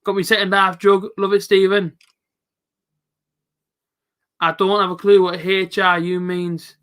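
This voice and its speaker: A young man with a high, bright voice hosts a live football reaction stream. He chats casually with his viewers, answering them by name in loose, everyday slang. The talk is relaxed and unscripted. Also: a little slow, smooth. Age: late 20s. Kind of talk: casual live commentary reading chat.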